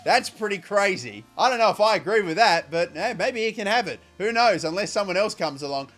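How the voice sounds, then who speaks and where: A man commentating his own football video game career in an animated, casual way with mild swearing and sudden shouts. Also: high voice, a little fast, soft background music. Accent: Australian. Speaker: gaming YouTuber.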